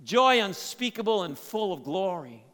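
A man preaching a sermon, swinging between loud emphatic lines and quiet, low asides. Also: big pitch swings, moderate pace. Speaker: pastor. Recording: long hall reverb.

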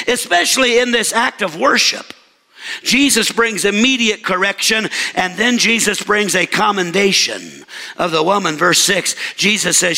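A man preaching a sermon, speaking with emphasis and dropping low and slow when he quotes scripture. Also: animated, vocal fry, pushed and bright, big-room sound. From mid-Missouri. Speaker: pastor.

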